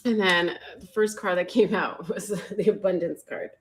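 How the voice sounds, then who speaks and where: A woman's voice: fairly low pitch, moderate pace, slight background noise. Giggly woman reading tarot cards. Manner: giggly, chatty, drops to near-whispers while shuffling. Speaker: tarot reader. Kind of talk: casual livestream tarot reading.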